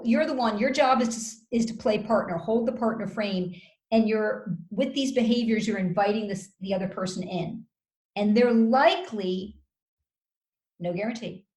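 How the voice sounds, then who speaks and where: A woman working as a communication coach gives advice in an interview, in a measured, instructive way. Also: medium pitch. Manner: measured, instructive, acts out calm example phrases. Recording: roomy echo.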